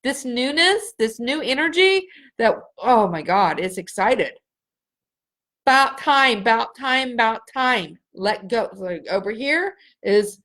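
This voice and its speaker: A middle-aged woman hosting a live spiritual healing session, speaking slowly and earnestly and repeating phrases for emphasis. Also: medium pitch, animated. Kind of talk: live energy-healing reading for viewers.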